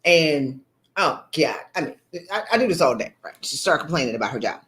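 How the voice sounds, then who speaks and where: A woman coach, talking bluntly to viewers on a live stream and preaching at them with animated energy. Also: deep voice, a little fast. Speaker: leadership coach. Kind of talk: live-stream motivational talk.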